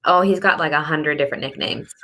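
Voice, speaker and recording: A woman's voice: sits low, fast, pushed and bright. A woman hosting a casual chat, who laughs often and answers in short encouraging replies.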